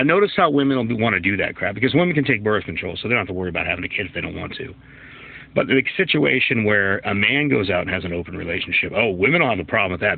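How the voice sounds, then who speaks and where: A man's voice: medium pitch, vocal fry, slightly rough. A middle-aged man hosting his own channel, ranting bluntly and profanely in a casual monologue. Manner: blunt, profane, opinionated rant. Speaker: solo commentary host. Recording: tinny phone-like recording.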